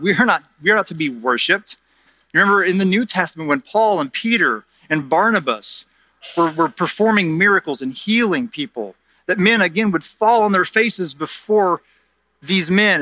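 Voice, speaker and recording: Male pastor, sermon delivery, earnest and forceful, dry studio-close voice. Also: a little high, no room sound. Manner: earnest, repeats words while explaining. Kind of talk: sermon with scripture reading.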